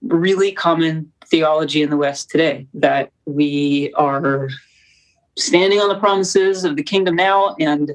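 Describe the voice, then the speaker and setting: A young woman, a documentary producer, talking as a guest in an interview, with fast, animated, preacherly storytelling. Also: low-pitched, poor audio. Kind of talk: conversational interview.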